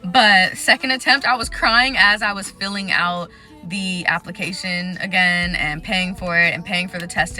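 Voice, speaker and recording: Young woman vlogger, crisp forceful tone, candid chatty delivery, soft music under the voice. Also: on the low side. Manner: candid and chatty, lists things off quickly. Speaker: vlogger sharing exam advice. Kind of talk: casual talking-to-camera vlog.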